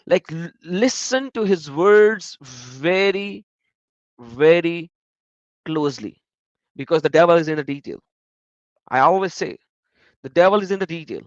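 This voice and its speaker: A man's voice: fairly high pitch, expressive, measured pace, long pauses, dry recording. A man commenting on video clips, stacking up words to hammer his point home. He sounds close and dry. The recording is a little muffled. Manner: emphatic, repeats words for stress.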